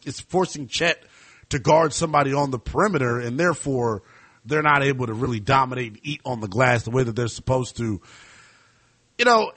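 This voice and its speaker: Guy hosting a sports talk show, super animated, kinda husky, dry mic. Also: mid-range voice, dry recording. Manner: animated, loose and chatty, laughs often.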